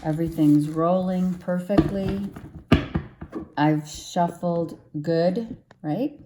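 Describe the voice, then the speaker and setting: Tarot lady doing an emotional pep talk, low voice, slow and easy. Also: very noisy. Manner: earnest and encouraging, emotional. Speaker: tarot reader. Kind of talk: casual spiritual pep talk to camera.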